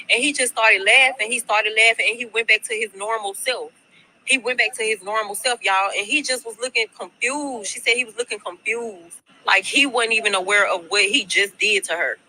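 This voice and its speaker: Woman spinning a gossipy storytime, chatty and cursing, with a piercing bright tone. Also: a little high, moderate pace, a little hiss or hum, rough recording. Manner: chatty, slangy and profane, repeats herself. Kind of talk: casual storytime to followers. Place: at her workplace.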